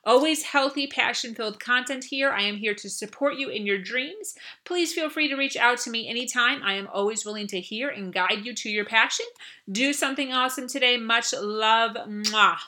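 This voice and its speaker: A woman's voice: a little high, normal speed, bright, forceful tone. A woman hosting a self-help podcast, giving advice and acting out little dialogues in a cheery voice. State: has a headache. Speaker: podcast host.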